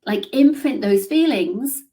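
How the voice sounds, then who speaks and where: A woman's voice: fairly high pitch, expressive, measured pace, warm tone. Upbeat woman coaching. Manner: upbeat and encouraging, reads out comments. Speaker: business coach. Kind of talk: live coaching session.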